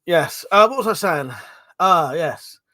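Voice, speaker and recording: A man hosting a relaxed livestream, his voice sitting a touch high for a man. He rambles, swears freely and laughs often. The sound is dry and close. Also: measured pace, no echo. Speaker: livestream host. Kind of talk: casual live-stream chat.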